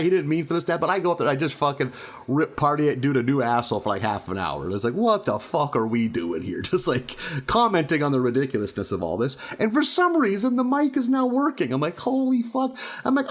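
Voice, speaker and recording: A man with a voice on the high side co-hosts a podcast, a stand-up comic telling a profane, animated story in casual conversation and laughing often.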